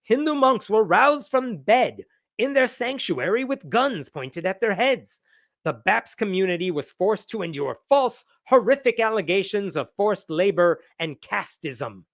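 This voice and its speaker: A man's voice: high voice, sing-song, a little slow, fairly bright tone, pitched above the performer's own voice, heavily acted. A man with a put-on Indian accent voicing an indignant woman executive, reading her triumphant statement in a mock-solemn, declaiming way. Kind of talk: mocking read-out of a quote.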